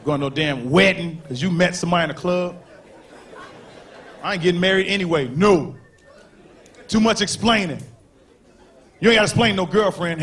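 A man doing a stand-up comedy routine on stage, talking in an animated way and acting out characters in quick voices. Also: high-pitched. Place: comedy club stage before a live audience. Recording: live show with crowd laughter and faint noise.

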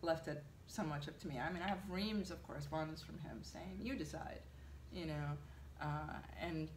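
A woman being interviewed, telling an animated story with lots of fillers. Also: low-pitched, moderate pace, roomy sound, a little hiss or hum. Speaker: translator, interviewee. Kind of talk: conversational interview.

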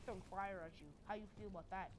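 A woman giving casual gaming commentary while playing with a friend, excitable and trash-talking with loud outbursts, on a headset mic. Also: mid-range voice, fast talker, noisy background.

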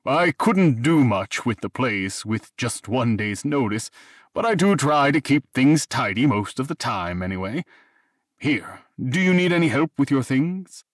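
Man putting on a jittery helpful host guy, bit louder, dry sound. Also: medium pitch, sing-song, a little slow, slightly rough, dry recording. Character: nervous, eager-to-please male host.

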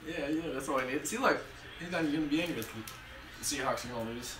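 Brief: young man, mid-pitched, loud teasing banter, distant in an echoey, noisy room. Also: fast talker. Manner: rowdy, teasing, swearing. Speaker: friend in comedy skit. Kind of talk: amateur comedy skit acting. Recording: echoey room, off-mic, with background noise.

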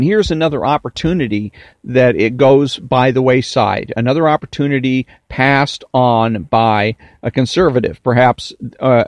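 A man's voice: medium pitch, no echo. Emphatic man, dry close sound. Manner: deliberate, emphatic, drawn-out stresses, mocking whiny impressions. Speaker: political commentator. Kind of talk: monologue commentary.

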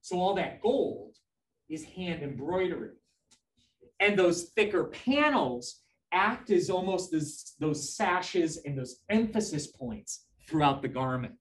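A man's voice: a little high, big pitch swings, slow. Enthusiastic man lecturing through slides. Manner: enthusiastic, keeps prompting listeners with "notice" and "right?"; answers student questions conversationally. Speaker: lecturer on fashion history. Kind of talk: live class lecture walking through slides.

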